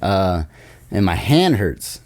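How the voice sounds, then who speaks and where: A man talking as a podcast guest in a studio, telling a story in casual, profane, animated chat. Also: low voice, slow. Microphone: studio podcast mic.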